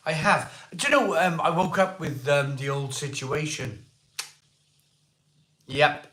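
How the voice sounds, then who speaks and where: A Welsh man with a voice hoarse from a cold, hosting a casual live stream, greeting viewers by name and asking for likes. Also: a little high, takes it slowly, sharp tone. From Wales. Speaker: livestream host. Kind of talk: casual live chat reading viewer comments. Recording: echoey room.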